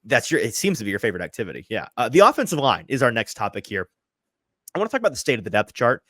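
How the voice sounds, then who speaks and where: A man's voice: mid-range voice, wildly swooping pitch, a bit bright, no room sound. Chatty man podcast host, dry mic. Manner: chatty, self-deprecating, quick asides. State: out of breath. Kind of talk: casual sports podcast chat. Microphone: headphones, remote call.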